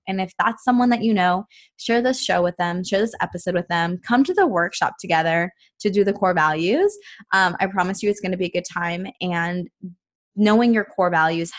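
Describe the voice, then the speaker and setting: A young woman talking on her own podcast in an earnest, chatty way. Her voice sits at an ordinary middle pitch, and she fills her pauses with "um" and "like". It sounds loose and conversational, not read from a script. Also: fairly bright tone. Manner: chatty, earnest, many fillers like "um" and "like". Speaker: podcast host and personal trainer. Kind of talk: casual solo podcast monologue.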